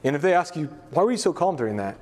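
A man's voice: fairly high pitch, sing-song, racing, darkish tone. A middle-aged male pastor preaching a casual, conversational sermon, full of asides, fillers and family stories.

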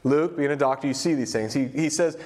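In a relaxed, chatty sermon, a young man serving as pastor jokes around and talks about the text rather than sticking to it, using plenty of fillers. His mid-range voice is a little mellow and moves fairly quickly.

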